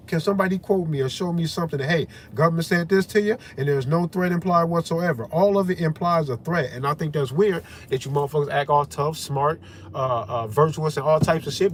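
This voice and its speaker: A man's voice: on the high side, noisy background. A man delivering a heated, confrontational political rant to camera, swearing heavily as the host of his own channel. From United States.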